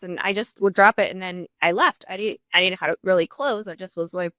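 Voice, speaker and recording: A woman's voice: medium pitch, a little fast, few pauses, bright, forceful tone, no echo, studio quality. A woman, a real estate coach, talking candidly in an interview and often acting out what people said. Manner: candid storytelling with frequent restarts, acts out quoted dialogue. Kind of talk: casual interview conversation.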